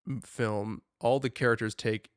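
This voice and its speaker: Rambling, animated young man. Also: medium pitch, moderate pace, smooth, no echo, clean studio sound. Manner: rambling, animated, many "like" fillers. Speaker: podcast co-host. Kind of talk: casual chat.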